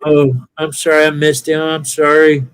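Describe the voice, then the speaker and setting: A man's voice: on the high side, monotone, normal speed, smooth. An older man with a mixed Southern and Californian accent, chatting casually in a rambling, self-correcting way. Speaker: viewer chatting on a live stream. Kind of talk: casual chat.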